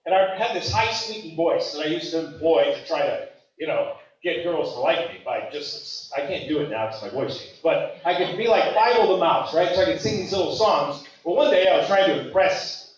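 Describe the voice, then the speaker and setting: A man from Maui tells a story at a gathering and acts out each voice he quotes. His voice sits a bit high. He is heard from across a large echoey room on a dull, distant mic. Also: expressive, normal speed. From Maui, Hawaii. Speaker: speaker sharing a memory at a gathering. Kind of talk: casual storytelling.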